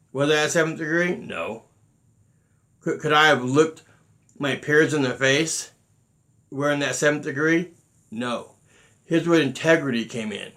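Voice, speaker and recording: A man's voice: a little high, a little slow, pauses often, a bit bright. A middle-aged man, a martial arts grandmaster, telling stories in earnest with many restarts and quoted exchanges. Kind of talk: unscripted talk to students.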